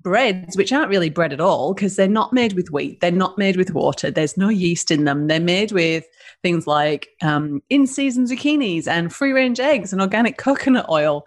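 Northern English woman, business founder guest, chatty and laughing, lower-pitched voice. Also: animated, normal speed. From northern England. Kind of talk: casual interview chat.

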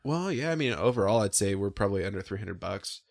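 A man with a lowish voice that sounds nasal and sick, co-hosting a loose podcast. He jokes around and rambles, padding his talk with plenty of fillers. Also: lively intonation, quick pace, gravelly. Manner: joking, rambling with many fillers. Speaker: podcast co-host. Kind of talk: casual podcast chat.

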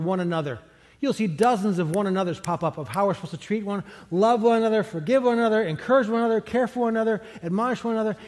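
A middle-aged man preaching a sermon as pastor, conversational and animated, chuckling now and then. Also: sits high. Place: large church sanctuary. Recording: long hall reverb from a church sanctuary.

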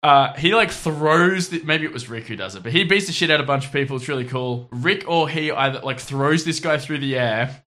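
A man's voice: fairly high pitch, fairly quick, pushed and bright. A man co-hosting a casual podcast, recapping an anime with dry sarcasm. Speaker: podcast co-host.

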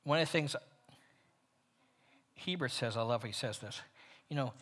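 A man leading a men's Bible study, teaching in an animated way, loud on emphatic points and dropping almost to a whisper on others. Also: mid-range voice, moderate pace.

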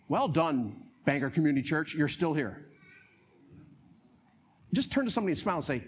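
Lively, husky-voiced preaching man. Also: fairly high pitch, brisk, pauses often. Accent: North Carolina. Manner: animated, laughing often, acting out voices. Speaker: pastor. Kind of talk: sermon.

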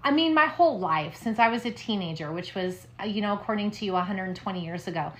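A woman co-hosting a podcast, chatting casually and telling a campfire ghost story with dramatic hushed moments. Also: mid-range voice, animated, fast talker. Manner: dramatic, drops to hushed tones for spooky parts. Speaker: podcast co-host.

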